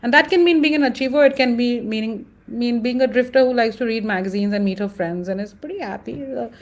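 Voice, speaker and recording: A woman with an Indian English accent, speaking as a guest in an interview, thoughtful and animated, often pausing with fillers. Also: fairly high pitch. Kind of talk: conversational interview.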